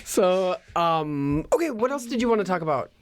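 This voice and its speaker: A man's voice: high voice, sing-song, moderate pace, no echo. A man hosting a podcast, chatting casually and playfully, fond of dad jokes. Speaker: podcast host. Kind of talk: casual chat.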